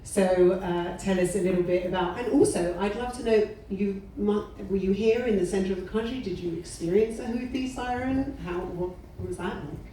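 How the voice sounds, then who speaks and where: A woman interviewing a guest on stage, joking lightly and pausing with fillers. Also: mid-range voice, dark tone, a little hiss or hum. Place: event room at a peace center. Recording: echoey room, mic far off.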